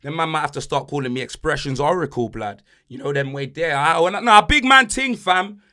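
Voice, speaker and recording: A man's voice: a little high, lively intonation, brisk, pushed and bright. A young man hosting a football podcast, boastful and mocking, full of slang. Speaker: podcast host. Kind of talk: animated football banter.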